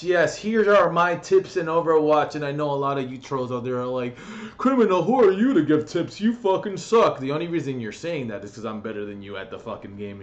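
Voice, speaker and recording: A man's voice: medium pitch, dull audio. A young man ranting brashly in a comedic gaming vlog from his bedroom, crude and mocking, swearing constantly. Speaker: gaming vlogger.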